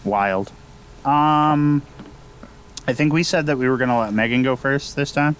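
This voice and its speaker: A man's voice: mid-range voice, unhurried, fairly bright tone, slight background noise. A man co-hosting a casual podcast, easygoing and casually swearing as he chats. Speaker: podcast co-host. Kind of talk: casual chat.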